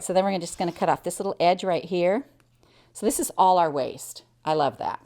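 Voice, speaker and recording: A middle-aged American woman walks through a quilting project step by step. She chats cheerfully as she works, and her voice sits a little low. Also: brisk, a little mellow. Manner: chatty, cheerful step-by-step explaining. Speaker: quilting teacher. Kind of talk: hands-on sewing tutorial.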